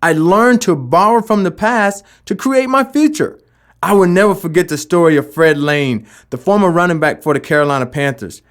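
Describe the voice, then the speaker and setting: A man's voice: high-pitched, normal speed. A man giving a motivational talk about never giving up, with emphatic delivery and rhetorical questions. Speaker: motivational speaker.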